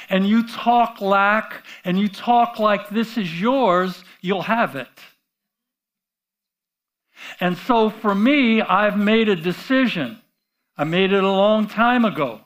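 A man delivers a sermon at an unhurried pace, talking to the congregation as if in conversation. His voice sits high for a man. He often stops and repeats himself mid-thought before pressing on. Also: fairly bright tone. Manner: conversational preaching with rhetorical questions to the audience; halting restarts and repeated words. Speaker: preacher.

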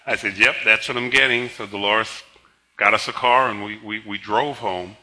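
An older man in his sixties preaches from the pulpit, his voice strikingly bright and sharp. He sounds tired, yet he talks easily, telling stories and steering his listeners between passages. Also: fairly low pitch, fairly even intonation, poor audio. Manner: leads congregation in slow emphatic spoken confession; conversational storytelling between scripture. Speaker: pastor. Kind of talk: sermon.

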